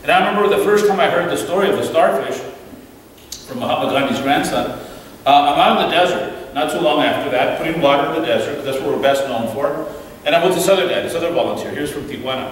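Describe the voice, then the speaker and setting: A man giving an animated storytelling talk as a guest speaker at a church, acting out the voices in his stories. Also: on the high side, fast, a little hiss or hum. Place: church hall. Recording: echoey hall from far off, faint ambience.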